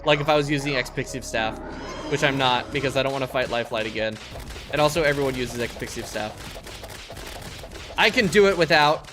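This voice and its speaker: Here a young man streams a game and talks over the music in a mid-range voice, fairly quick and full of pauses. His gameplay commentary is chatty, rambling, and heavy on swearing.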